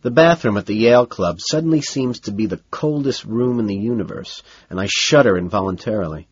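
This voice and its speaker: A man narrating a novel in the first person with a cool, measured, low-key delivery. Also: expressive, husky, no echo, dull audio. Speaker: audiobook narrator.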